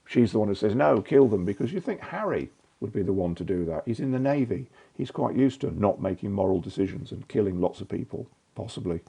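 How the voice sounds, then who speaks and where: Gravelly, low man, dry wit. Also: expressive, brisk, few pauses, warm tone. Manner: dry, witty delivery. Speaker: guest. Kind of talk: casual chat.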